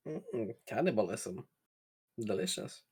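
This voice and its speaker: A man's voice: on the low side, big pitch swings, takes it slowly, darkish tone, slightly rough. Dry sarcastic male co-host. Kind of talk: comedic commentary.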